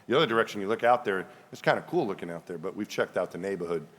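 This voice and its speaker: A man's voice: low voice, fast, big-room sound. A man from the New area, speaking reflectively as an astronaut guest on a live panel, often repeating words as he thinks. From New York area, USA. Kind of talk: panel discussion on stage.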